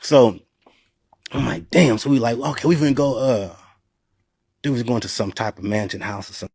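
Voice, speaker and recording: A man's voice: medium pitch, moderate pace, a little mellow, slightly rough, no room sound, clean studio sound. A man guest telling a story in a casual, slangy way, often checking in with the listener.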